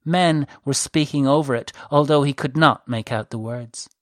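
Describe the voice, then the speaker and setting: A narrator reading a novel aloud in a measured, even way. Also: mid-range voice, dry recording, clean studio sound. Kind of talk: scripted audiobook narration.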